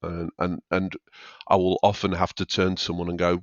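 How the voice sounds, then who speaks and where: A man's voice: sits low, completely flat delivery, normal speed, dry recording, highs cut off. A man, a stand-up comedian talking casually on a podcast and often acting out what people say. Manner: chatty, acts out quotes of himself and others.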